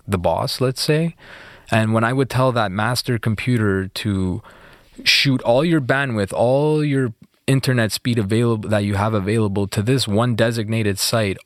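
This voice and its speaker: A man's voice: on the low side, no room sound, studio quality. A man being interviewed about his past, telling the story in a casual, conversational way with lots of "like" and "you know.".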